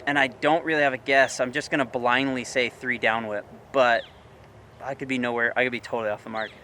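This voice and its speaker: Easygoing bright-voiced man outdoors. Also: medium pitch, fairly even intonation, a little fast, slight background noise. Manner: easygoing, musing aloud. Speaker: riding buddy. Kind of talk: casual chat. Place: outdoors at a dirt jump.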